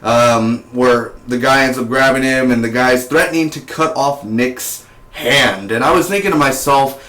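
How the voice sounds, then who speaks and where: A man's voice: medium pitch, moderate pace, pushed and bright, reverberant. A young man casually reviewing a TV episode, chatty and rambling with side comments. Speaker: TV show reviewer.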